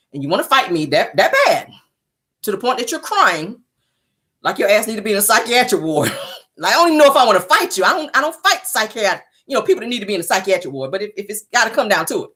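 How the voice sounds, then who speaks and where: A woman's voice: mid-range voice, bright, forceful tone, husky. A woman hosting a celebrity gossip show from her car, talking casually, teasing and profane, laughing often.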